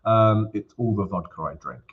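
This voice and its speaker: A man's voice: on the low side, moderate pace, lo-fi sound. A man hosting a live trading stream, chatting casually and greeting viewers by name with jokes. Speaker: forex trading livestream host. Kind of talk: casual livestream chat.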